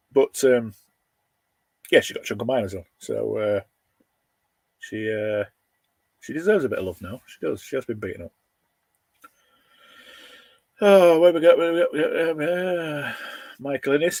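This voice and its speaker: A middle-aged man chats casually on a livestream, greeting viewers one by one. His voice sits at a medium pitch, and the sound is close and dry. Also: no echo. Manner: chatty, thanks viewers by name, laughs between lines. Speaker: livestream host reading viewer comments. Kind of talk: casual live chat. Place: his van.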